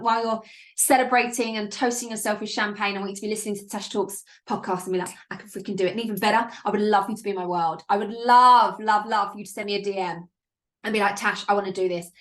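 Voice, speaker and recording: A woman's voice: mid-range voice, fairly even intonation, fast. A woman hosting a live coaching show, talking in a bubbly, gushing and emphatic way. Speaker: business coach and show host. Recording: roomy echo.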